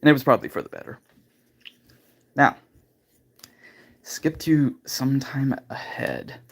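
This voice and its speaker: A man's voice: medium pitch, very animated, measured pace, creaky, husky. A man hosting a livestream, candidly telling a personal story in a casual, rambling way full of filler phrases. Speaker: livestream host.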